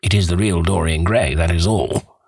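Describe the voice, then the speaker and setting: Man voicing a cynical witty gentleman, low drawl, husky, dry, audiobook. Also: moderate pace, dry recording. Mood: languid. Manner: drawling, amused.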